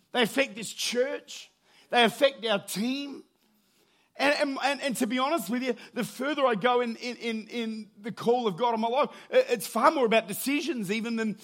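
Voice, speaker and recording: Aussie pastor guy preaching, high voice, gets loud then goes real quiet. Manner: energetic preaching, builds to shouts then drops low and quiet. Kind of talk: sermon.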